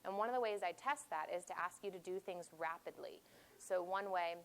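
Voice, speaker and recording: A woman's voice: on the low side, a little fast, low-quality recording. Woman speech therapist explaining patiently. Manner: explanatory, repeats "simply said"; demonstrates sounds aloud. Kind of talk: presentation to a support group. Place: meeting room with audience.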